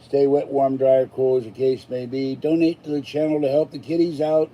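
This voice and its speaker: Tired older man with a dark voice. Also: medium pitch, steady tone, moderate pace, low-quality recording. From Pittsburgh, USA. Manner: rambling, grumbling asides. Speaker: channel host. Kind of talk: casual live stream sign-off chat.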